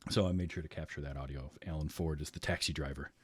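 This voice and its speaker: A man's voice: very deep voice, fairly even intonation, fast talker, a bit bright, slightly rough, no room sound, studio quality. A man hosting a podcast, chatting casually about a film with friends, laughing often and tossing in sarcastic asides. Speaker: podcast host. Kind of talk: casual chat.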